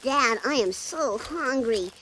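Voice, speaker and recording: A woman's voice: sits high, expressive, slow, a bit bright, slight background noise, full character voice, rough recording. A woman voicing a cheeky, whiny young cartoon boy. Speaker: cartoon character.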